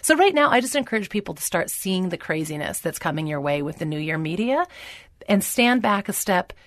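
A woman's voice: lowish voice, big pitch swings, a little fast, dry recording, studio quality. A woman author being interviewed on the radio, speaking earnestly and encouragingly about her plans. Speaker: author and guest.

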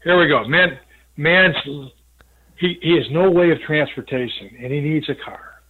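A male caller with a fairly high voice tells a joke with lively storytelling energy. The sound is thin and tinny, as it comes over a phone line. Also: moderate pace. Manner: animated storyteller. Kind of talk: telling a joke on call-in radio.

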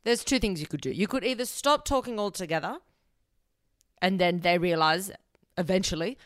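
A woman's voice: lowish voice, normal speed, dry recording, studio quality. A young woman hosting a solo advice podcast, talking bluntly and emphatically and swearing casually. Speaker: podcast host.

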